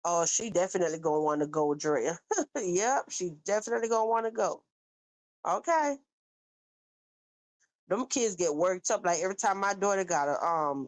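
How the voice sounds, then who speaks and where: A woman hosts a casual livestream, reading comments from chat in a chatty, animated way and calling viewers baby. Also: mid-range voice, dry recording, rough recording.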